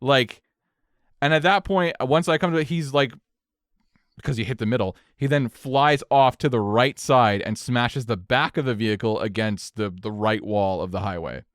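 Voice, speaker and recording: A young man tells a wild story on a podcast, casual and loose with his language. His voice is smooth and clear, and it sits in a dry, close-miked room. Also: medium pitch, moderate pace, dry recording. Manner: animated, profane storytelling with swings in energy. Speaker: podcast co-host.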